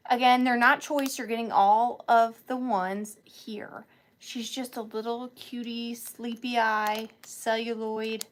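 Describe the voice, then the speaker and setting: A woman's voice: a little high, noisy background. A woman hosting a live online sale of vintage items, chatting casually and gushing over each piece. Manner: chatty and gushing, calls items little cuties.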